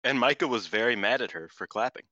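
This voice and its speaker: Animated, swearing man chatting. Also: mid-range voice, fast talker, dry recording, dull audio. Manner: animated, swears often, acts out quotes. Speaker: podcast co-host. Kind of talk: casual chat.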